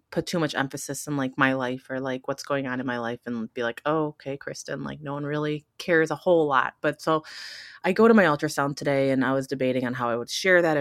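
A woman's voice: very deep voice, no room sound, clean studio sound. A woman hosting a podcast, telling a personal story in a candid, emotional way, with lots of "like" and "you know". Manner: rambling, heavy use of filler words like "like" and "you know". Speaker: podcast host.

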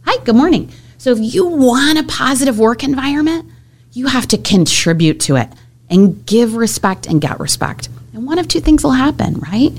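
A woman who is a hotel general manager, telling workplace stories in an animated way as an interview guest. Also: a little high, moderate pace. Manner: animated, acts out coworkers' voices in anecdotes. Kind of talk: storytelling in a podcast interview.

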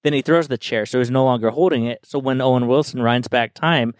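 A man's voice: mid-range voice, brisk, smooth, no echo. An enthusiastic young man in casual podcast chat, rambling eagerly through his explanations with plenty of "like" and "dude". His voice sits in the middle range and is recorded dry and close. He talks freely to friends around the table. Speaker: podcast co-host.

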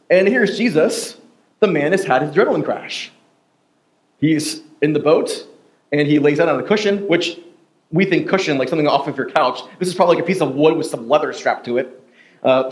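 A man preaching a sermon in a church, casual and joking, full of fillers and asides. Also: fairly high pitch. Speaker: pastor. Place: church sanctuary.

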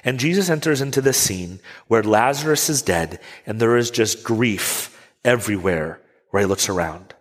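A man preaching a sermon as a pastor, telling the story with animated rhetorical questions. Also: on the low side, big-room sound. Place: church sanctuary.

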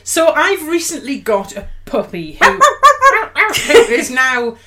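A woman co-hosting a podcast, chatting casually with a fairly high voice that swings up and down a great deal. She keeps it playful and teasing, and laughter keeps breaking through. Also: huge pitch swings, slow pace, bright, forceful tone. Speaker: podcast co-host. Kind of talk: casual chat.

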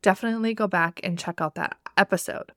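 A woman's voice: medium pitch, fast, fairly bright tone, dry recording, clean studio sound. A woman hosting a career podcast, talking directly and with upbeat motivation. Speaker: podcast host and career coach. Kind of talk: scripted podcast intro and solo talk.

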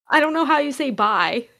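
A woman's voice: sits high, creaky, sharp tone. A woman co-hosting a podcast in casual chat, playful and joking. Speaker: podcast co-host.

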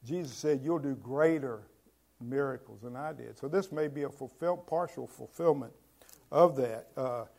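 A man preaching a sermon in a slow, halting way, with many fillers and restarts, stressing key words so his voice swells and then drops. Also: mid-range voice, vocal fry, a little mellow. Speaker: pastor.

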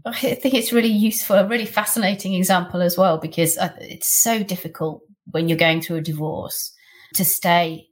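A woman with a lowish voice hosts a podcast interview. She frames her questions thoughtfully, pausing with small hesitations as she goes. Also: fairly even intonation, breathy edge. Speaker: podcast host.

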